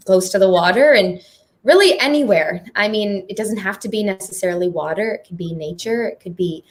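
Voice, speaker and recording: A woman's voice: mid-range voice, a little fast. A woman moderating a live panel conversation on stage. She speaks in an earnest, heartfelt way and laughs often. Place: performing arts centre stage.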